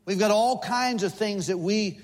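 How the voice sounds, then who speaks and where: Older guy preaching a folksy sermon, kinda high voice, echoey sanctuary. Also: unhurried. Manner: folksy, humorous preaching with lists and asides. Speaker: visiting missionary preacher. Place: church sanctuary.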